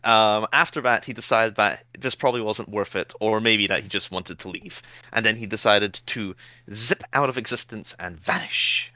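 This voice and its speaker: Low, bright-toned man recapping a game. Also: moderate pace, no echo, highs cut off. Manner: rambling, with many ums. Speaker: player recapping the last session. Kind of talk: casual tabletop game recap.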